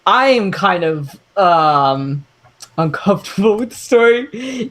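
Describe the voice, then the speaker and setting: A man's voice: sits high, lively intonation, slow, a bit bright. A man co-hosting a casual podcast, reading a story aloud and laughing often between lines. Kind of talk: casual chat.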